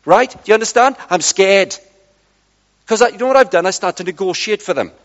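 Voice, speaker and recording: Middle-aged male preacher, high-pitched and animated, storytelling sermon; dull recording in a reverberant hall. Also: a little fast. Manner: lively, chatty, acts out dialogue with friends.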